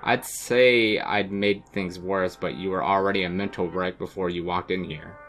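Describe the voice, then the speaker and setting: A man's voice: low-pitched, steady tone, normal speed, a bit bright, soft background music. A man voicing a cruel, contemptuous young woman on a blind date, reading game dialogue aloud in a cold, relentless way. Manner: cold, cutting, relentless insults.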